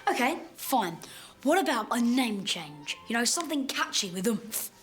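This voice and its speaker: A child actor playing a pushy male salesman who pitches crude puns in a sketch comedy. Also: sing-song, normal speed, close to an everyday voice. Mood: brash. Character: brash cheeky male ad salesman. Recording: music and laughter track under voice.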